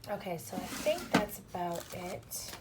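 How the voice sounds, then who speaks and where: A woman in her thirties narrating a casual plan-with-me video at home, talking softly and often half-whispering to herself, flustered and self-deprecating about her mistakes. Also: lowish voice, expressive, measured pace. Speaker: planner vlogger. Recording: noisy home recording.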